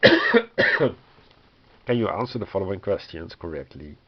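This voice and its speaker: A board game reviewer with a low, sing-song voice speaks slowly as he thinks aloud through a rulebook. He's losing his voice and coughs often, hesitant, full of fillers, and wryly exasperated, on a dull lo-fi recording with faint noise.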